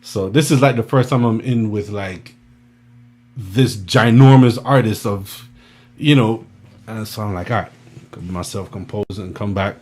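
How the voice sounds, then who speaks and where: A man working as a music producer, telling a studio anecdote as a guest, animated and full of restarts and fillers. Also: fairly low pitch, a little slow. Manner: animated, acts out quotes, many restarts and fillers. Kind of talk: storytelling anecdote.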